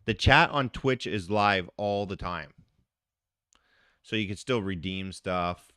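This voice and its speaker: Casual chatty male streamer, low voice. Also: takes it slowly, pushed and bright, clean tone, no echo, studio quality. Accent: Canadian English. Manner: chatty, talks to viewers in the chat. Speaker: live streamer. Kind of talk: casual live-stream chat. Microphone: phone.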